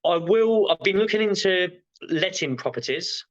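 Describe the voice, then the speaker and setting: A man's voice: sits high, expressive, moderate pace, lo-fi sound. A male therapist being interviewed, talking frankly and rambling with lots of fillers. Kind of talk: casual interview chat.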